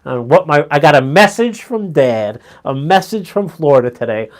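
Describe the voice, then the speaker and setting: A middle-aged man chatting casually on a live stream, telling animated stories, swearing freely and chuckling as he goes. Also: on the high side, moderate pace.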